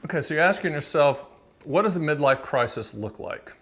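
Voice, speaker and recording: A man's voice: on the high side, expressive, a little fast, music in the background. A man in his fifties hosting his own annuity explainer video, chatty and joking, teasing his producer off camera and drifting into digressions. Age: 50s. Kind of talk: casual direct-to-camera explainer.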